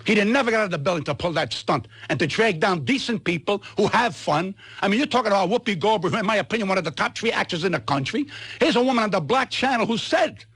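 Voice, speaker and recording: A man, a comedian guest on a radio talk show, ranting loudly and indignantly with lots of repetition. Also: sits high, big pitch swings, fast, husky, dry recording. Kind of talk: heated radio rant.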